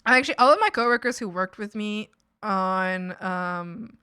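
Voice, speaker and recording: A woman's voice: medium pitch, a little slow, bright, forceful tone, clean tone, dry recording, clean studio sound. A young woman streamer telling rambling stories about her coworkers in casual chat, giggling often and quoting people in her own voice.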